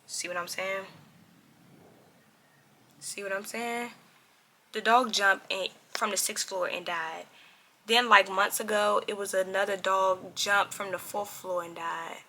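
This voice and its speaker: Animated young woman, bright voice. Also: medium pitch, a little slow, pauses often. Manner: animated, addresses viewers as y'all, acts out quotes. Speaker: vlogger. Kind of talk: casual storytime to camera.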